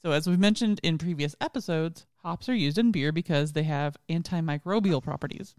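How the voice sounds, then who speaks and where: Podcast co-host, giggly, explaining brewing facts, smooth resonant voice, dry close sound. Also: mid-range voice, fairly quick, darkish tone, dry recording. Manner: giggly, explains facts between bursts of laughter. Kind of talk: casual podcast chat.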